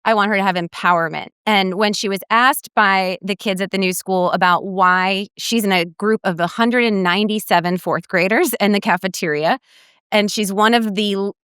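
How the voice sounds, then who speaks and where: Woman guest dietitian, middle-aged, animated storyteller; clear, crisp voice. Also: medium pitch, no room sound, studio quality. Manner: warm storytelling, animated quoting of others. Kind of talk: podcast interview.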